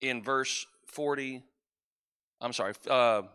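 A man's voice: mid-range voice, slow pace, sharp tone, clean tone. A man preaching as a pastor, reading scripture and praying in a conversational way, now and then losing his place and asking the congregation for help. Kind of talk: sermon with scripture reading and prayer. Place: church sanctuary.

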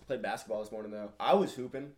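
A teenage boy co-hosting a podcast, telling animated, swearing stories in casual chat. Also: on the low side, fast. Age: teens. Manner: loud animated storytelling, swearing. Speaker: podcast co-host.

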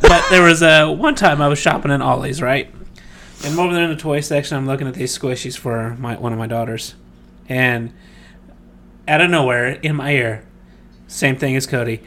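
A man co-hosting a casual podcast, joking around with loud bursts and laughter. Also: mid-range voice, normal speed. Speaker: podcast co-host. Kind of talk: casual chat.

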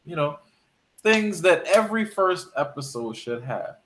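A man's voice: a little high, big pitch swings, measured pace, fairly bright tone, a little hiss or hum. A man co-hosting a casual podcast, ranting emphatically about a TV show. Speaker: podcast co-host. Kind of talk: casual chat.

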